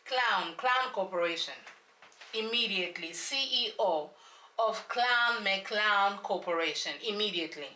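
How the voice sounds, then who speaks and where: A woman's voice: mid-range voice, measured pace, pushed and bright, recorded from a distance, slight background noise. A woman vlogger giving a casual, sassy recap of a reality show, dramatic and repeating lines for emphasis. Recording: echoey room, voice off-mic.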